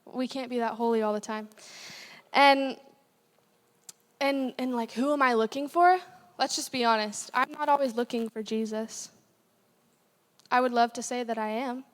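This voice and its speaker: A young adult woman, appearing as a guest speaker, preaches a sermon in a church sanctuary with a long hall reverb. Her voice sits on the high side with a steady tone and normal speed, and her delivery is conversational and candid, full of asides and self-corrections.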